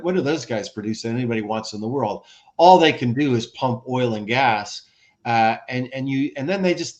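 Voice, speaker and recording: American man explaining with rhetorical flair. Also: medium pitch. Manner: animated, rhetorical questions, frequent restarts. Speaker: guest, former ambassador. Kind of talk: conversational expert commentary.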